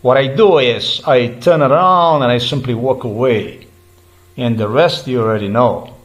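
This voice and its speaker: A man's voice: medium pitch, moderate pace, a little hiss or hum, poor audio. Agitated man retelling a confrontation. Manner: repetitive, restarts, swears when heated. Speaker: vlogger recounting a roadside dispute. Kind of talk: agitated personal account.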